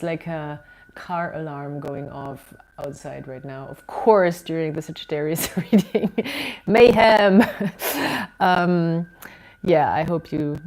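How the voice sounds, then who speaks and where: Slow, low-voiced woman reading tarot. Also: clear, resonant tone, poor audio. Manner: unhurried and musing, with many ums and soft laughs. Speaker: tarot reader. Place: indoors at home.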